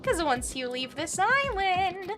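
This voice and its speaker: A woman voicing a gleeful, mocking male bear mascot villain, reading game dialogue slowly and tauntingly on a stream. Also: very high voice, big pitch swings, a bit bright, faint music behind, voice pushed up, exaggerated voice. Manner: slow, drawn-out taunting delivery.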